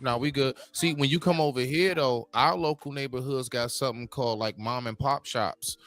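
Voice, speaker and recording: A man's voice: mid-range voice, normal speed, a bit bright. A man hosting a live-stream debate, blunt and slangy, moderating the panel in casual talk. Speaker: stream host.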